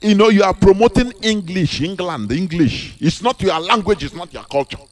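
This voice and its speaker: A Nigerian-accented man, an activist speaker, delivers an impassioned monologue in a high, animated voice at normal speed, with faint music in the background. He keeps repeating rhetorical questions in an emphatic, preachy way.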